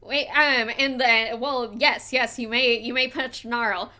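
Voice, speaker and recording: A woman's voice: fairly high pitch, steady tone, slow, pushed and bright. A woman narrating a live tabletop game as game master, rambling with fillers and restarts.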